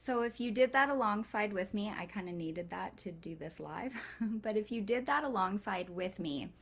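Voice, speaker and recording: A woman's voice: medium pitch, lively intonation, moderate pace, husky. Casual, chatty woman leading a workshop. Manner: casual and chatty, loose with swearing; rambling, with frequent fillers and restarts. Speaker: coven workshop leader. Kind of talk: live online workshop lesson.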